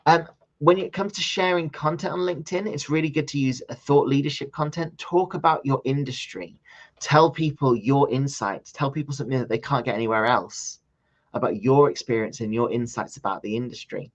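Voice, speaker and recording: A man's voice: mid-range voice, brisk. A man leading a training session on social media marketing, talking it through in a loose, conversational way with frequent ums and restarts. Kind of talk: live online training session. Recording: slightly dull lo-fi audio.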